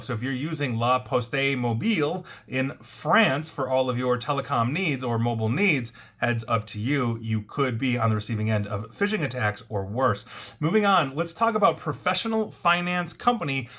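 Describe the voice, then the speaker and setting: Male host, bright forceful voice, brisk news roundup with chatty asides. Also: medium pitch.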